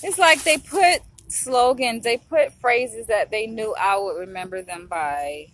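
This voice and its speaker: A woman speaks to her viewers at an unhurried pace, sounding close to tears. Her talk is heartfelt and circles back on itself. Faint background noise sits under her voice. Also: fairly high pitch, a bit bright. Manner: tearful, heartfelt, repeats herself. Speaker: vlogger. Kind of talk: emotional vlog to camera.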